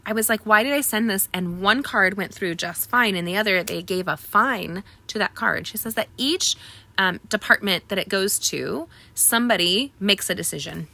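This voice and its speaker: A woman hosting a casual card making tutorial, chatty and rambling with lots of ums, pitching offers to viewers. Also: normal speed, gravelly, sharp tone. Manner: upbeat sales pitch to viewers. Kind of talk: casual live craft tutorial.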